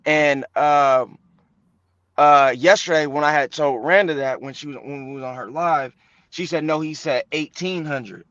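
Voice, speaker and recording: A man's voice: fairly high pitch, measured pace, fairly bright tone, dry recording. A man arguing heatedly on a live stream call, confrontational and profane, repeating himself as he presses his point. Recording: dull lo-fi dry call audio.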